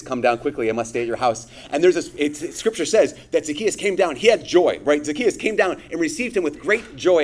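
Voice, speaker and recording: A man giving a conversational sermon to his congregation, animated, with frequent asides. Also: medium pitch. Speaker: priest.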